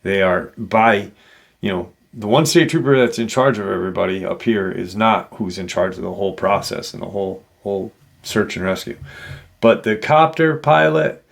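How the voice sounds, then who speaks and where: A man retelling an encounter story as a paranormal show host, halting and leaning on "you know" fillers. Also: on the low side, creaky.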